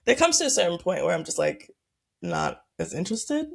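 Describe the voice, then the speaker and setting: A woman's voice: lowish voice, huge pitch swings, fairly quick, creaky, slightly rough. A woman co-hosting a casual podcast chat, laughing often and talking with plenty of fillers. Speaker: podcast co-host.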